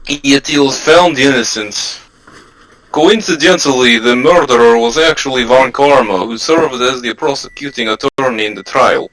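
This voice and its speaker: A man's voice: mid-range voice, normal speed, a bit bright, lightly acted, low-quality recording. A man reads a loyal, bumbling police detective in an amateur read-through. His voice sits mid-range and plain. He stumbles and restarts lines. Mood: earnest. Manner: hesitant, restarting line reading.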